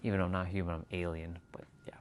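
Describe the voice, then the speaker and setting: A man with a fairly low voice chats loosely on his livestream. He rambles from thought to thought, swears freely and laughs often as he goes. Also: little pitch movement, racing, a little hiss or hum. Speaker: livestream host. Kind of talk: casual chat.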